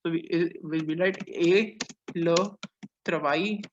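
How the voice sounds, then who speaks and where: A man teaching a French lesson online, translating phrase by phrase and pausing on "uh"s as he explains. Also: sits high, little pitch movement, background noise. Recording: dull lo-fi audio.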